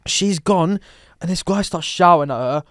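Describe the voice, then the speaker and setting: A man hosting a podcast, telling a comic story in a lively, swearing, casual way and acting out the quotes. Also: high voice, normal speed, no room sound, clean studio sound. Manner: animated, swearing, acts out quotes. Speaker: podcast host.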